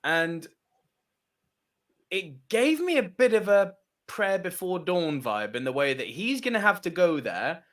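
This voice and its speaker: Animated swearing man, lively pitch. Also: unhurried. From France. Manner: animated, swears a lot, emphatic. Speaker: co-host of a movie podcast. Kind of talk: casual chat.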